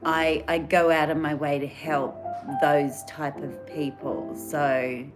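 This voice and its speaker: A woman's voice: sits low, little pitch movement, slow pace, over music. A woman chatting casually and earnestly on a live stream, rambling and reading out viewer comments. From Australia. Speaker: livestream host.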